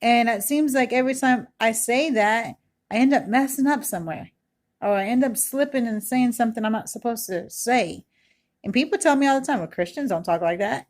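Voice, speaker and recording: A woman's voice: a little high, a little mellow. A woman in her thirties giving an earnest, rambling personal testimony at home, full of "you know" and "like", recorded close in a kitchen. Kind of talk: casual spoken testimony. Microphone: self-recorded video, close mic.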